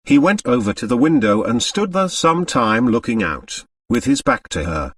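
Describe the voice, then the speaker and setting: A man narrating an audiobook in a measured, expressive reading, recorded dry from off the mic. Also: medium pitch, no echo, distant mic. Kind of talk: scripted narration.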